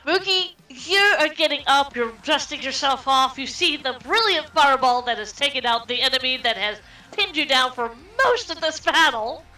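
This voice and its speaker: A woman runs a tabletop game with a high, bright voice and a chatty, halting manner. She sits a little away from the mic. Faint music plays under her. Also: lively intonation, roomy sound, recorded from a distance, low-quality recording. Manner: laughing, chatty, halting restarts. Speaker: game master.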